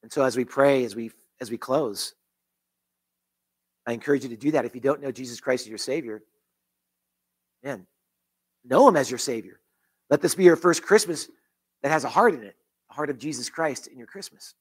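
A man's voice: mid-range voice, normal speed, long pauses, breathy edge. A man pastor leading a closing prayer in church, earnest, with repeated phrases and restarts. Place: church sanctuary.

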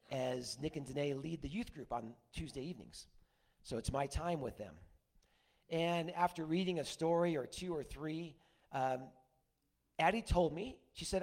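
Older pastor with a folksy, higher voice. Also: male voice. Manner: folksy storytelling with asides. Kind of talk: conversational sermon.

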